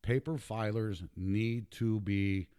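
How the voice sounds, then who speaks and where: A man's voice: fairly low pitch, steady tone, slow, dark tone, clean tone. A man hosting a show, talking in a casual, emphatic monologue, repeating himself and getting worked up. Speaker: podcast host.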